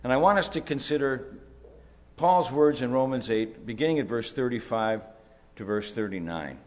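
Guy preaching a sermon, steady mid voice, slow careful explaining, long echo like a big hall. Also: mid-range voice. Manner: deliberate, explanatory preaching with emphatic rises. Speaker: pastor.

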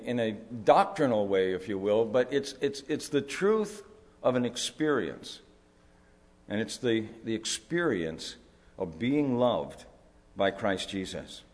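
A male pastor preaching a sermon at a conference, explaining scripture deliberately and building to emphatic rises. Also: medium pitch. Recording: long hall reverb.

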